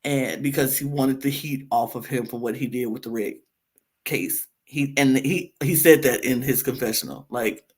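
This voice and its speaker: A man co-hosting a podcast, chatting casually about a reality show and acting out quotes with big swings and laughs. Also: moderate pace. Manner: animated, acts out quotes with big pitch jumps and laughs. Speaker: podcast co-host. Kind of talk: casual reality TV recap chat.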